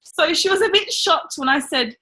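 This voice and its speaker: Bright, high-voiced woman podcast host. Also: expressive, normal speed, rough recording. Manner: blunt, swears freely, self-mocking anecdotes. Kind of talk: casual podcast chat.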